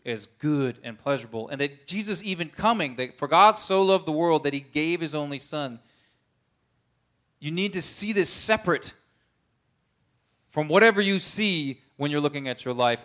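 A man's voice: on the high side, fairly bright tone. A man preaching a conversational sermon, earnest, often checking in with his listeners.

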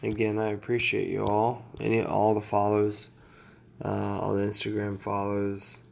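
Gravelly laid-back man rambling. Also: fairly low pitch, completely flat delivery, unhurried. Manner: laid-back, meandering, filler-heavy. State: tired, yawning. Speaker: vlogger. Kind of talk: casual rambling update.

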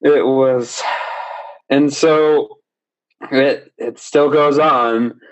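A man's voice: mid-range voice, drawn-out words. Young man telling a story animatedly. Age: young adult. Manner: animated, laughing as he tells it. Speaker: podcast guest. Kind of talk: casual storytelling. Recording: slightly dull lo-fi recording.

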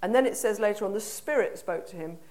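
A woman's voice: mid-range voice, fast talker, a little mellow. A woman preacher with an English accent gives a conversational sermon, putting questions to her congregation in a church hall.

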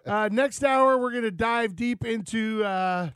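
A man's voice: extremely high pitch, measured pace, a bit bright, clear, resonant tone, dry recording. A man from Florida hosting a casual radio talk show, rambling and joking with lots of fillers.

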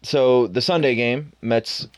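A man co-hosting a casual sports podcast, excitable and quick to rant, talking late at night. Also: mid-range voice, no echo. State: sleepy. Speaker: podcast co-host.

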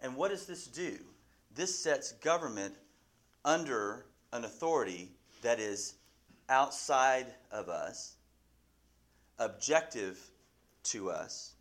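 A man's voice: mid-range voice, expressive, takes it slowly, pauses often, a bit bright. A man teaching a Bible class, asking his listeners questions and often restarting his sentences.

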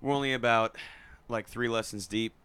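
A male voice teacher tells a story in a relaxed, conversational way, with plenty of filler words. His voice is smooth and clear, set at a middling pitch. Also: moderate pace, no room sound. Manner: storytelling, laid-back, many fillers. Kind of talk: casual chat.

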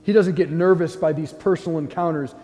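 A mellow, fairly high-voiced man preaching as a priest. He speaks earnestly and gently, with soft pauses, as he leads a guided prayer. His voice rings with a long church reverb. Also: faint music behind.

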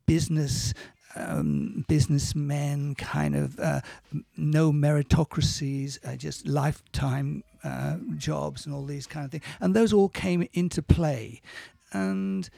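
Gravelly, husky man telling stories. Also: a little high, fairly even intonation, mellow, dry recording. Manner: halting, self-correcting, acts out quoted dialogue. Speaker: interview guest, musician and producer. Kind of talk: casual storytelling in conversation.

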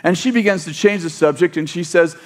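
A male pastor with a notably high voice, delivering a sermon in a loose, rambling way. He trips over his own phrases and restarts them. He also prompts the congregation to repeat key words back to him. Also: brisk. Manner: rambling, self-correcting, leads the congregation in call-and-response.

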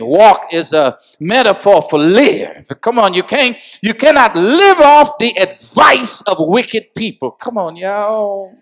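A man preaching a sermon to a congregation, with call-and-response phrases, rising from calm teaching to shouted emphasis. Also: high-pitched, takes it slowly, hardly any pauses. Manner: repeats "come on, y'all" and "amen". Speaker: pastor.

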